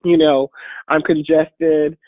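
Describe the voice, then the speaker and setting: A woman with a deep voice, congested and a bit hoarse from a cold, giving an upbeat, encouraging webinar talk as a guest speaker. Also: flat delivery, slow, dry recording. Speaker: guest speaker and patient advocate. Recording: phone-like online call audio.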